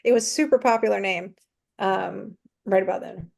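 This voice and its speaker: Gravelly-voiced woman chatting casually. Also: mid-range voice, moderate pace. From North Carolina. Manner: chatty, many fillers, laughs easily. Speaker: author guest. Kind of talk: casual chat.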